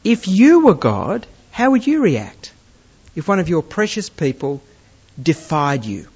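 Lively preacher, a man. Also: fairly high pitch, unhurried, husky. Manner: lively storytelling with gentle humour. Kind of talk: sermon. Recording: dull lo-fi recording.

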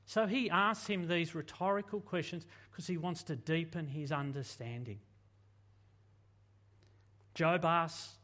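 A man preaching a sermon in an animated, conversational way, full of rhetorical questions. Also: fairly high pitch, measured pace. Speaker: pastor.

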